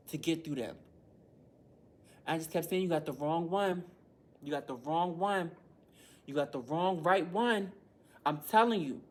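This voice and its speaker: A woman's voice: sits low, a little mellow, slight background noise. A woman teacher venting to the camera in a heated, blunt way, swearing a lot and speaking.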